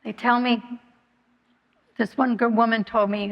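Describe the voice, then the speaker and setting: A woman giving a candid personal testimony at a recovery meeting, talking haltingly with many fillers and restarts. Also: on the high side, level tone, highs cut off. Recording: long hall reverb.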